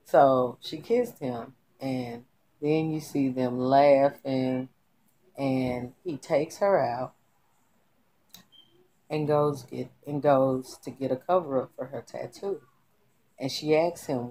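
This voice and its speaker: A woman giving an animated, slangy recap of a TV show, talking straight to her viewers. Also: a bass voice, slow pace, slight background noise. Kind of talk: casual TV recap commentary.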